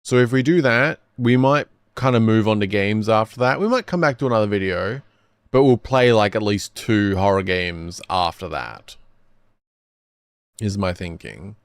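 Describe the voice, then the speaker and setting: A man's voice: fairly low pitch, moderate pace, smooth, dry recording. A man streaming casually, rambling and correcting himself as he reacts to videos. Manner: rambling, self-correcting, lively.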